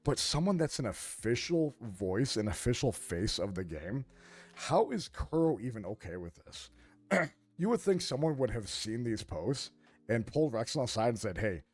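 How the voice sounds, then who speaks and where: Male co-host, righteous lecturing rant, animated intonation. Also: mid-range voice, moderate pace, husky. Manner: indignant, emphatic, lecturing. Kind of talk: heated reaction commentary.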